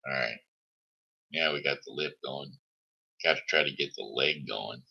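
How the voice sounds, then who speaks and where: A very low-pitched man with a gravelly rasp hosts a live stream in a slow, rambling, self-deprecating chat. His voice has a hard, bright edge, and it arrives through dull lo-fi stream audio. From Missouri, United States. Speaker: host of a live show.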